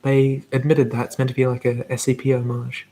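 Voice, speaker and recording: A man hosting a live whispered ASMR Q&A, talking softly and rambling as he reads out viewer comments. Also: medium pitch, completely flat delivery, fairly quick, slight background noise. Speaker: ASMR channel host.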